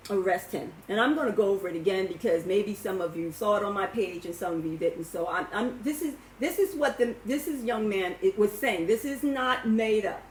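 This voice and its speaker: A woman speaking live to her followers in an impassioned, emphatic way, often stumbling and repeating words as she talks to her own camera. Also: medium pitch. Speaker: social media commentator. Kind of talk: live video talk to followers. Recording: roomy echo.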